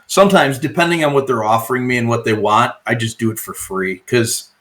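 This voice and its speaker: A man narrating as game master of a tabletop game, relaxed and rambling, with lots of fillers. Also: mid-range voice, a little fast.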